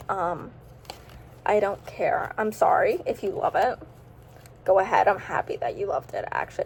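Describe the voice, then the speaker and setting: A woman's voice: mid-range voice, a little mellow, slight background noise, poor audio. A teenage girl chatting casually about her monthly reads in a vlog, giggly and scattered, breaking off mid-sentence. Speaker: book vlogger. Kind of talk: casual reading recap vlog.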